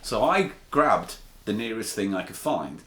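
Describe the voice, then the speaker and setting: A man hosting a podcast, telling stories in a casual, animated chat and swearing freely. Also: on the low side, measured pace. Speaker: podcast host. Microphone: table mic. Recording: echoey room, faint noise.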